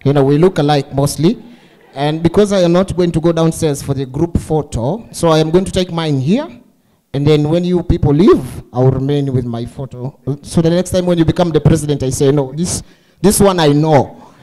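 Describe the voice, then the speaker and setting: A man's voice: a little high, brisk, dark tone. A man with a Tanzanian accent, playful and teasing as master of ceremonies, mixing Swahili words into his remarks. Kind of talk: joking remarks to an audience.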